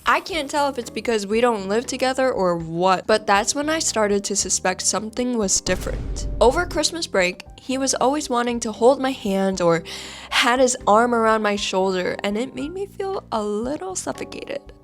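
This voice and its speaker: A woman's voice: fairly high pitch, animated, normal speed, faint music behind. A congested woman with braces reading online stories aloud, chatty and full of sarcastic asides. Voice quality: slightly altered speech from braces. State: congested, nasal. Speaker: storytime video host.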